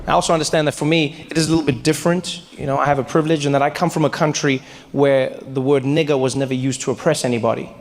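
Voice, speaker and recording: A man's voice: on the high side, quick pace. A South African man performing a stand-up comedy set, telling stories animatedly and acting out voices. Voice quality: animated storytelling, acts out voices. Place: stage in a large hall with live audience. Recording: live hall reverb with audience noise.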